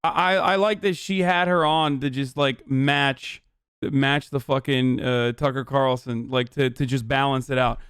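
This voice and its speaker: A man's voice: mid-range voice, fairly even intonation, moderate pace, few pauses, a bit bright, clear, resonant tone, no echo, studio quality. A man giving livestream commentary in a profane, rambling, sarcastic way.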